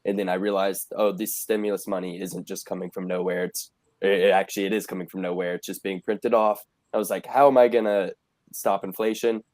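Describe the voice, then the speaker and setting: Young male guest, low voice, dry close sound, relaxed and plain. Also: a little fast, dry recording. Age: young adult. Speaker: podcast guest. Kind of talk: casual chat.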